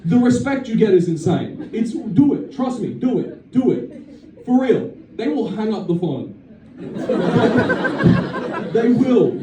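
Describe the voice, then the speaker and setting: Brash young Aussie comic, high and lively, live set caught from far back in a noisy, echoey room. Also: male voice, takes it slowly. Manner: brash, profane, laughs at his own jokes. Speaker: stand-up comedian. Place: comedy venue with a live audience. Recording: distant, echoey audience recording with crowd laughter.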